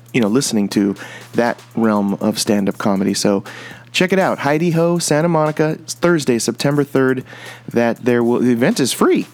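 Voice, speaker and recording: A man of middle age talks casually on his own show. His voice sits at an ordinary pitch, and he is eager and upbeat, stumbling over fillers and restarting his sentences. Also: a little mellow. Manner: chatty, enthusiastic, many fillers and restarts. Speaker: podcast host. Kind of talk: casual solo commentary.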